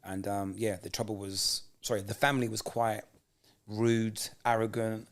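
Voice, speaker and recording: A man co-hosting a casual podcast chat, telling animated stories and acting out what people said. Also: on the low side, normal speed. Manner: animated storyteller, acts out quoted voices. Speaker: podcast co-host.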